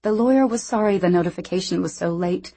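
A woman narrating a novel in the first person in a measured, reflective way. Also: lowish voice, warm tone, husky. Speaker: audiobook narrator.

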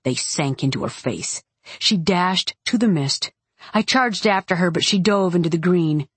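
A woman's voice: lowish voice, animated, measured pace, breathy edge, no echo. A woman narrating a first-person fantasy audiobook in a tense, clipped style, recorded on a close studio mic.

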